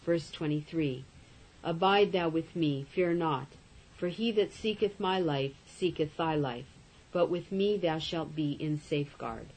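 A woman reading Bible verses aloud in a steady manner, calling out each verse number and even the punctuation marks. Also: low voice, a little slow, breathy edge, rough recording. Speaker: scripture reader.

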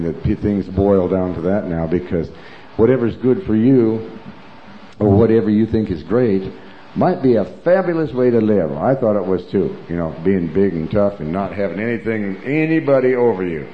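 A man's voice: fairly low pitch, expressive, normal speed, a little hiss or hum. A man giving an emphatic, rambling personal testimony as a preacher, full of asides like "you know". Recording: roomy, dull lo-fi recording.

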